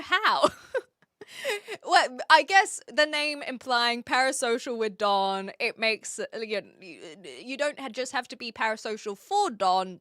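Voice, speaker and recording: Giggly high-voiced New Zealand woman streamer. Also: bright, forceful tone, no echo, studio quality. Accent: New Zealand, mixed with Australian and British. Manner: giggly, reads viewer chat aloud. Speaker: live streamer. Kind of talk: casual live-stream chat. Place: attic.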